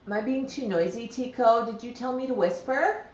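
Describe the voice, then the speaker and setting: A woman's voice: fairly high pitch, normal speed, darkish tone, slight background noise. A woman hosting a casual livestream from home, cooing to her pet parrots and chatting plainly to viewers. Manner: coos and baby-talks to her birds, then chats plainly. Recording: dull, roomy home recording.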